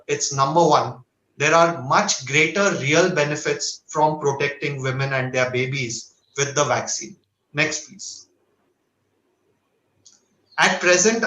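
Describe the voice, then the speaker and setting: Earnest Indian doctor, bright roomy lecture voice. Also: male voice, fairly high pitch. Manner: measured, earnest, asks for each next slide. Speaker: doctor presenting at a medical webinar. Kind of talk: formal lecture over slides. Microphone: webinar audio.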